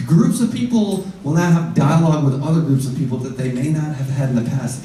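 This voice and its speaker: A man's voice: medium pitch, recorded from a distance, slight background noise. A young man from the United States performing a stand-up comedy set, acting out both sides of his stories. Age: young adult. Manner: animated, acts out both sides of dialogues. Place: live comedy stage in a venue. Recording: roomy live venue, heard from afar, faint crowd.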